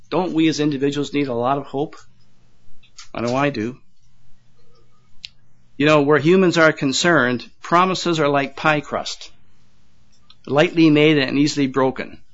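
An older man preaching a sermon to his congregation in a folksy way, with chuckling asides and repeated words. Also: on the high side. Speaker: pastor. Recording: dull lo-fi sound.

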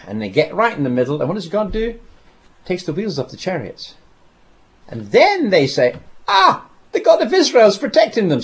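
A man preaching a sermon, telling a scripture story with dramatic pauses and repeated phrases. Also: on the high side.

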